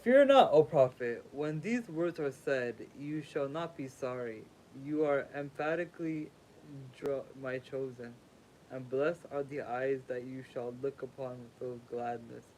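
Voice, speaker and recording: A man's voice: mid-range voice, fairly even intonation, unhurried, darkish tone, a little hiss or hum, poor audio. A sleepy man reading a sacred text aloud as a livestream host, stumbling over words, rereading them and making casual asides.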